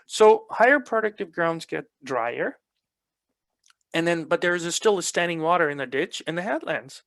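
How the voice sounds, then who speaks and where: A man with a fairly high voice delivers a lecture, walking listeners through field results with patient explanation and repeated words for emphasis. The recording is dry and close, with no room sound. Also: expressive, moderate pace, a bit bright, no room sound. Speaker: soil health extension specialist. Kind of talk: presentation lecture.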